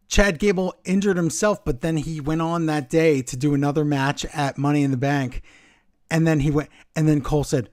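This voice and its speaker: A man's voice: fairly high pitch, moderate pace, no room sound, studio quality. A man co-hosting a podcast, chatting casually and acting out quotes as he retells a match. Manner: animated storytelling, acting out quotes. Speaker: podcast co-host. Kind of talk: casual wrestling chat.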